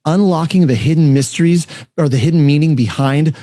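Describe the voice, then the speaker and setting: A man's voice: a little high, warm tone, no room sound. A man hosting a casual panel chat on a video call, upbeat and enthusiastic as he tells stories. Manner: fast, upbeat, enthusiastic storyteller. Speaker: podcast host.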